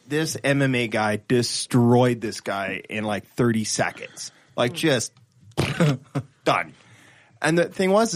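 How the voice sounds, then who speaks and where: A man co-hosting a podcast, casually retelling videos with restarts and laughter. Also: mid-range voice. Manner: rambling storyteller, laughs at own stories, restarts often. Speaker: podcast co-host. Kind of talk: casual panel chat.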